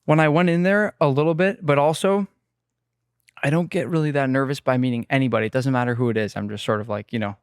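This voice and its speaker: A man in his twenties, a guest chef, telling rambling, animated stories in a casual podcast interview. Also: medium pitch, fast, clean tone, no room sound, studio quality.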